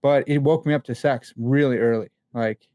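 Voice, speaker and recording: A man's voice: medium pitch, normal speed, dry recording. Candid, slangy young man telling stories. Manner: candid, animated storytelling with slang and fillers. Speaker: podcast guest. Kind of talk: casual conversation.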